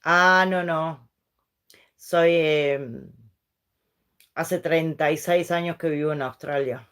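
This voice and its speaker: A woman's voice: low voice, steady tone, slow pace, fairly bright tone, clear, resonant tone. A middle-aged woman from Uruguay, a Spanish speaker chatting casually with viewers on a livestream. She rambles and switches between English and Spanish. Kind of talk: casual live-stream chat.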